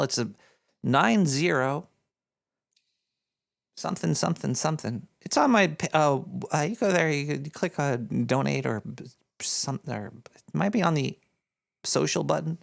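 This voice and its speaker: This man's voice, on the high side and gravelly, brings to life a paranoid male cartoon rat who hosts a radio show. He reads donations in a rambling, scatterbrained live-stream chat, dropping jokey asides as he goes.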